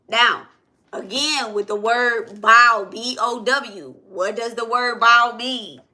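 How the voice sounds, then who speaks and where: A woman's voice: a little high, fairly even intonation, slow, bright, forceful tone. A woman giving a casual spiritual lesson, reading verses aloud and repeating herself, with frequent "okay?" and "right?" check-ins. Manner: repetitive, asks "okay?" and "right?" often. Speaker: spiritual teacher.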